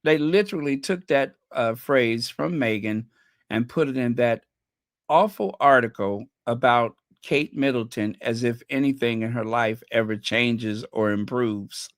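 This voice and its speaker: In a relaxed livestream chat, the host teases viewers and trades gossip, frequently trailing off mid-search for a name and chuckling at their own jokes. Their mid-range voice moves a little slowly, captured in studio quality with no room sound.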